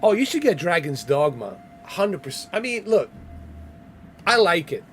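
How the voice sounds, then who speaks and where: A man's voice: high voice, big pitch swings, unhurried, a bit bright, faint music behind. A man casually commenting on a game during a livestream, loose and joking as he banters with his chat. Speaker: gaming livestreamer.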